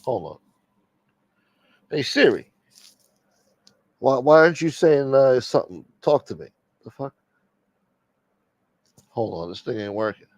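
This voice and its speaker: A man hosts a late-night livestream in loose, unscripted chat. His voice sits at an ordinary middle pitch, and his talk is blunt, profane and streetwise. The sound is dry and close, with no room echo. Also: sing-song, moderate pace, pauses often, darkish tone. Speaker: livestream host.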